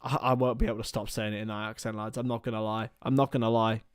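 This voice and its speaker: A man streaming live fan commentary on a football match, excitable and rambling, chatting with his viewers between calls of the play. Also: lowish voice, quick pace, clear, resonant tone, no echo, studio quality.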